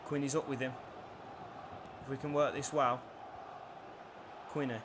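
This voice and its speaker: A young man commentating his own football video game match, nervy and swearing, bursting into shouts at big moments. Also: mid-range voice, noisy background. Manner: nervous, swearing, erupting into shouts at goals. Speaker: gaming YouTuber. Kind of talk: live gameplay commentary.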